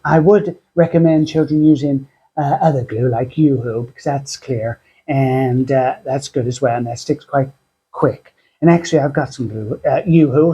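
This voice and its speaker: A man hosting a craft tutorial, chatty and self-deprecating, speaking in a husky put-on voice that sounds like a sore throat. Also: a little high, mellow. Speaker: craft channel host.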